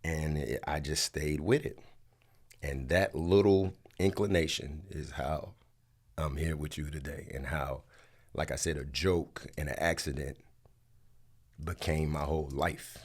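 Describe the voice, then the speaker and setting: Man, forties, from Atlanta, very low voice, candid storyteller, emotional, casual interview. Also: unhurried. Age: 40s. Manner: loose, candid storytelling, acts out quoted voices. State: tearful, emotional. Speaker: interview guest, actor.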